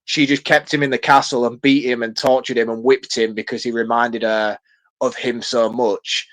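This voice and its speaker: A middle-aged man co-hosting a podcast, chatting casually about a film and telling relaxed stories with frequent chuckles. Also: medium pitch, normal speed. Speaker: podcast co-host. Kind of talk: casual film review chat.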